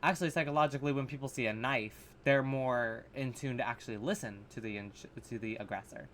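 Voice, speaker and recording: A man's voice: medium pitch, a little fast, a bit bright, slight background noise. A man casually reacting to horror short films, blunt and sarcastic, swearing freely and restarting his sentences. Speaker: reaction video host.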